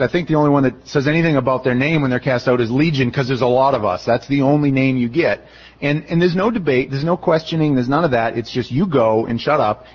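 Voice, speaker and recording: Recorded with lo-fi sound, a middle-aged pastor with a medium-pitched voice gives a conversational expository sermon. His retellings are animated, and he acts out the voices of the people he quotes.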